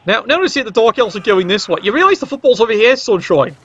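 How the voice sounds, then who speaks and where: A man's voice: sits high, big pitch swings, fast talker, fairly bright tone, breathy edge. A man giving play-by-play commentary on a match, with dry joking asides. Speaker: game commentator. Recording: dull lo-fi recording.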